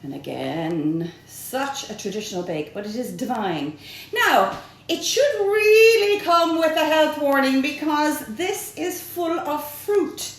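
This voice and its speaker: A woman's voice: high voice, expressive, takes it slowly, distant mic, a little hiss or hum. An Irish woman presenting a chatty home-baking demonstration in her kitchen, playful and full of jokes and sing-song asides. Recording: echoey room.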